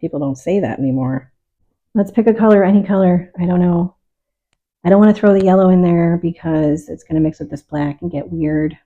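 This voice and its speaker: A middle-aged woman painter talking calmly and reflectively while she works, open about her feelings. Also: on the low side, brisk, lo-fi sound. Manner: calm, reflective, openly emotional. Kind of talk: casual talk while painting.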